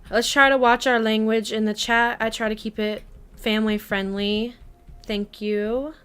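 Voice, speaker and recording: A woman's voice: fairly high pitch, steady tone, a little slow, fairly bright tone, clean tone. A woman in her twenties chatting casually on a live gaming stream, reading chat aloud and talking to her cat. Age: 20s.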